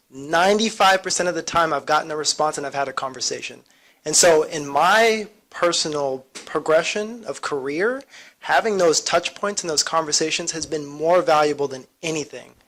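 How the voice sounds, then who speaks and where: A man's voice: fairly high pitch, fairly bright tone. A man speaking on an alumni career panel, eager and chatty, with a self-deprecating streak. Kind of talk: casual seminar talk.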